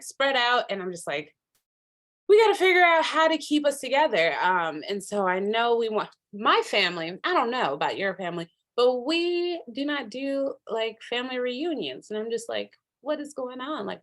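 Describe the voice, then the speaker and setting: A woman's voice: lowish voice, fairly bright tone. Chatty woman presenting over a video call. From Minnesota. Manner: enthusiastic, chatty, many fillers and asides. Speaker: workshop presenter. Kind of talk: casual virtual workshop talk.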